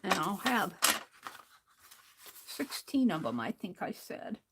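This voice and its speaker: Slow, chatty woman crafting at home. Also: medium pitch, sing-song, very noisy. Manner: chatty, rambling, talking to herself while working. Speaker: art livestreamer. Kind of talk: casual crafting livestream.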